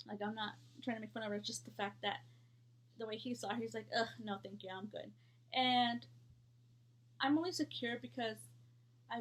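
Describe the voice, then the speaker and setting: A woman in her thirties telling a storytime vlog in a blunt, heated, profane way. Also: a little high.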